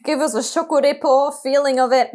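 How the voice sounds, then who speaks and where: A woman's voice: high-pitched, fairly even intonation, fairly quick, a little mellow. A young woman co-hosting a podcast in casual chat, chatty and giggly. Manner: chatty, giggly, lots of "like" fillers. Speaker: podcast co-host.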